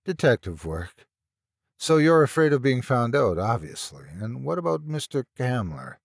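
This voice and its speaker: A man voicing a professor in a calm, gentle manner in a storybook reading. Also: mid-range voice, moderate pace, creaky, no room sound, clean studio sound.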